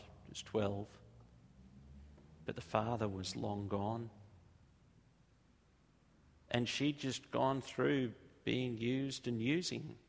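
A middle-aged Australian man delivers a sermon in a low, gravelly voice with a husky edge. He tells stories and hammers his points through repetition, easing down on the key lines. The sound carries a long reverb from a large church hall. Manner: storytelling, emphatic repetition, slows down for key points. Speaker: preacher.

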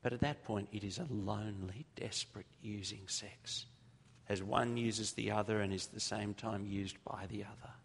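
Gravelly Australian preacher in a reverberant hall. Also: male voice, on the low side, fairly even intonation. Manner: storytelling, emphatic repetition, slows down for key points. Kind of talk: sermon. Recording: long reverb of a large hall.

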